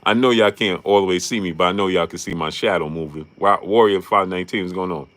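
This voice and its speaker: A man's voice: deep voice, fast, fairly bright tone. A man hosting a casual boxing livestream, greeting chat viewers and laughing often. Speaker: boxing talk show host.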